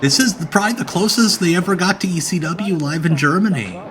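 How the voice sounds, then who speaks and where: A young man hosts a live watch-along stream, joking and enthusing about the match. His voice is a little high, animated and bright, moving quickly with few pauses as he keeps up the banter.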